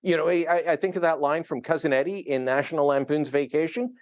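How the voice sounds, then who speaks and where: A man's voice: a little high, fast, few pauses, darkish tone, dry recording. A man giving opinionated, chuckling political commentary as a guest columnist over a remote link. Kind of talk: news interview commentary. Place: remote studio in another city.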